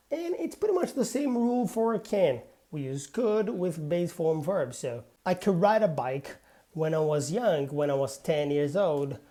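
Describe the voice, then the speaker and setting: A woman teaching English at a very unhurried pace, reading example sentences slowly and clearly. Her voice sits a little low and sounds soft and mellow. She talks in a calm lesson style and keeps checking in with "yeah". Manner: deliberate, models example sentences aloud, frequent "yeah". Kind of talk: spoken grammar lesson.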